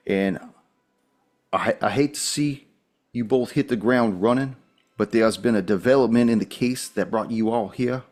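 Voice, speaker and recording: A man's voice: fairly low pitch, natural voice. A man voicing a polite, uneasy male police officer with a Southern drawl, hesitant and folksy.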